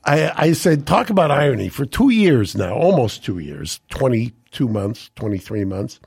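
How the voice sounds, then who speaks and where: Gravelly, husky man co-hosting a podcast. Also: medium pitch, sing-song, normal speed, a little mellow, no echo, studio quality. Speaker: podcast co-host, lawyer. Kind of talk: casual talk-show banter. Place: studio.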